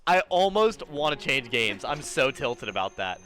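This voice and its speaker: A man streaming a video game live, ranting and excitable in casual commentary, swearing freely at the game and chatting to his viewers. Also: mid-range voice, normal speed. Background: game music.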